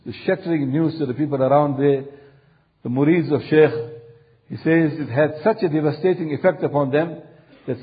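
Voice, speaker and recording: A man's voice: fairly high pitch, lo-fi sound. Solemn male preacher telling a tale. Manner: solemn, repetitive emphatic phrasing. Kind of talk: sermon storytelling.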